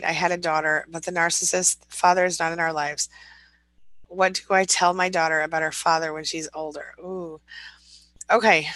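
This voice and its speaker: Brief: woman in her forties, livestream host, bright and forceful, slightly low voice, dry close sound, upbeat and quick to laugh. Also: no room sound, poor audio. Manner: upbeat, laughs often, reads comments aloud. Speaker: livestream host reading viewer comments. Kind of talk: casual morning live chat.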